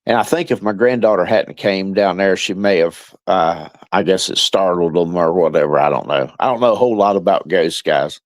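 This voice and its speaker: A man's voice: low voice, normal speed, hardly any pauses, no room sound. An older man in casual chat, a guest telling rambling stories and chuckling often.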